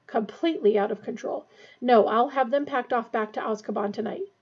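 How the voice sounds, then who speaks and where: A woman's voice: on the high side, brisk, breathy edge, lo-fi sound. Woman doing a blustering flustered minister. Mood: fretful. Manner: blustering, puffing. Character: flustered pompous male government minister.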